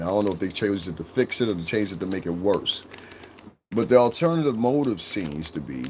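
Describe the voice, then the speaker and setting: A man's voice: lowish voice, darkish tone, slight background noise. A young man from Connecticut with a mixed New England and New York shoreline accent, chatting loosely on a livestream, swearing, laughing and answering chat. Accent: Connecticut shoreline, New England and New York mix. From Connecticut, USA. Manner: rambling, profane, laughs often, reads and answers chat. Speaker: livestream host.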